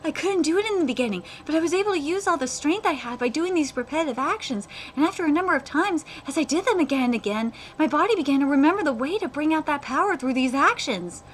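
A woman's voice: high voice, lively intonation, fast, few pauses, slight background noise, pitched above the performer's own voice. A woman reading aloud the lines of an earnest, humble teenage boy swordsman, in her own everyday voice. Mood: determined. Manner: reads manga dialogue aloud in her own voice.

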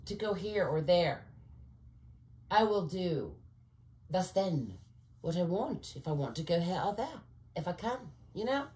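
In an echoey room, a vlogger with a mid-range woman's voice rambles to camera, drifting off topic. Often groping for words and filling with "you know," she speaks conspiratorially in asides.

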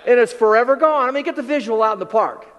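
A man giving a motivational keynote on stage, telling stories with acted-out voices and dropping low and quiet for emphasis. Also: fast talker, in a large hall, muffled recording. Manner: theatrical storytelling, acts out quoted voices, drops low and quiet for emphasis. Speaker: keynote speaker. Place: large hall with audience.

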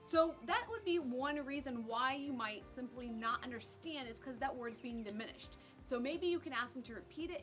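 High-voiced French woman teaching. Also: fairly quick, few pauses, faint music behind. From south of France. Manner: lively, explains with spoken French examples. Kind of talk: casual video lesson.

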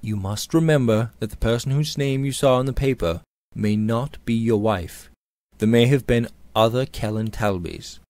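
A man reading aloud, voicing a young gentleman who speaks quietly and soothingly to a distressed friend. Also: medium pitch, normal speed, no room sound, close to an everyday voice. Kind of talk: audiobook character reading.

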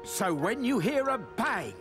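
A man voicing a calm fogman who explains safety steps slowly. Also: high-pitched. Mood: instructive. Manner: slow, instructive. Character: calm careful fogman worker. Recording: over music.

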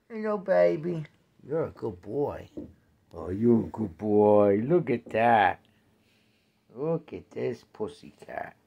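A man filming his pet at home, cooing doting sing-song baby talk with soft asides, recorded on a handheld phone. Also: medium pitch, vocal fry, slightly rough. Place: at home, near a bed.

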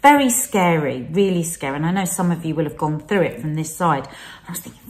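A woman with a slightly low voice talks candidly as co-host of a conversational show. She tells her story expressively, acting out the voices of the people she quotes. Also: animated, fairly quick. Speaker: podcast co-host. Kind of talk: candid conversation about mental health.

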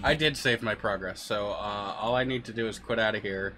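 A man's voice: fairly low pitch, brisk, music in the background. A man streaming a game, giving rambling, jokey commentary and often laughing at his own jokes. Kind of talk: casual gameplay commentary.

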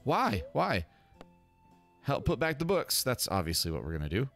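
Excitable man doing game commentary. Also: fairly low pitch, quick pace, faint music behind. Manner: excitable, chatty, upbeat. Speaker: gaming channel host. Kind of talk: let's play commentary.

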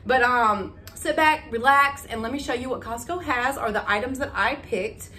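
A woman, chatting excitedly to her viewers in a casual haul vlog. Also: fairly high pitch, normal speed. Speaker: vlogger.

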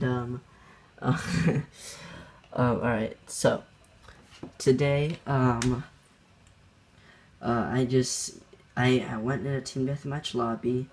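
Young male gamer narrating his own match, loose and rambling, chuckles a lot, middle-pitched everyday voice. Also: a little mellow. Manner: rambling, laughing, many fillers and restarts. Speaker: gaming channel host. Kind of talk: casual gameplay commentary.

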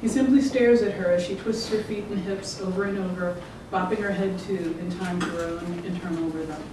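An author giving a measured, rhythmic public reading of their own fiction. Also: mid-range voice, steady tone. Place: event room. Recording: echoey room, distant mic, background noise.

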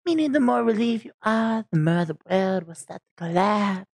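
A woman voicing a mysterious female game narrator in flat, stilted dialogue. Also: mid-range voice, moderate pace, creaky, no echo, studio quality. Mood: ominous.

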